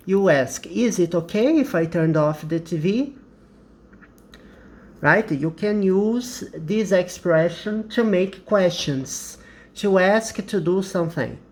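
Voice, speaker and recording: A man with a Brazilian Portuguese accent teaching an English lesson, explaining carefully and repeating example sentences. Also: high-pitched.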